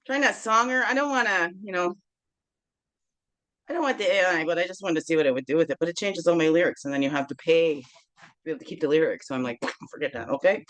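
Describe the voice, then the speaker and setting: A woman's voice: lowish voice, fast, a bit bright, rough recording. A woman with a Newfoundland accent hosting a casual self-care vlog, chatty and encouraging, often checking in with "okay?" and breaking into playful chuckles. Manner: playful, chuckles and sings along between thoughts. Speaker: host of a daily self-care guidance show. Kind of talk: casual motivational vlog talk.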